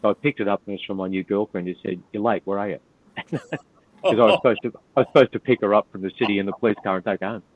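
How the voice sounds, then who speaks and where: Deep-voiced older Australian man, tinny line. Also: quick pace, no echo. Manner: blunt, profane, laid-back storyteller. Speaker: podcast guest, retired police officer. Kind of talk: storytelling in casual interview.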